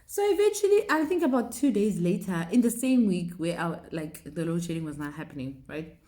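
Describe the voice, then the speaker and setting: A young woman telling a personal faith testimony in a casual, animated way, often laughing. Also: on the low side, a little fast. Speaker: vlogger sharing a testimony.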